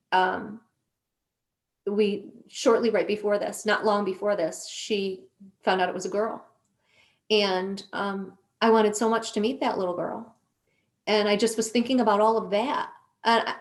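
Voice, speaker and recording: A middle-aged woman, a guest on a conversational show, telling a personal story earnestly and emotionally, with frequent restarts. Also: medium pitch.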